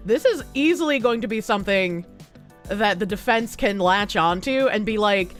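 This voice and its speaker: A woman's voice: mid-range voice, animated, normal speed, faint music behind. A woman streamer reading news aloud and commenting with rambling, skeptical asides, swearing casually and talking back to chat.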